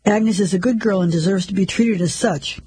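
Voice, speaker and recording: A man's voice: high-pitched, normal speed, a little mellow, slightly rough, poor audio. A man reading as a firm, no-nonsense landlady. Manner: firm, commanding. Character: firm, resolute middle-aged woman landlady.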